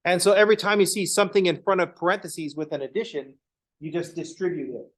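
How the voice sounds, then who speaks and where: A man giving a math lecture in an offhand, irreverent manner, dropping swear words and slipping into short acted exchanges. His voice sits a bit high for a man. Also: fast talker, fairly bright tone, rough recording. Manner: casual, profane, acts out dialogues. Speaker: math instructor. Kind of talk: informal lecture.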